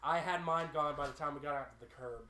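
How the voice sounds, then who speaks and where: A man with a high, bright, ringing voice tells a long story to friends in an animated way, jumping into the voices of the people in it. The room around him sounds roomy and echoey. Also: fast talker. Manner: animated storyteller who acts out his friends' lines. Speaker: podcast co-host telling a story. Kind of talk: casual group chat.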